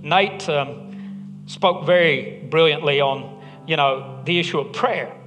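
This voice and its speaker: Pastor guy preaching, high bright voice, big hall echo, soft music under. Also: takes it slowly. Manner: conversational, joking asides, earnest. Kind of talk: sermon. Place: church hall. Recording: long hall reverb, faint music.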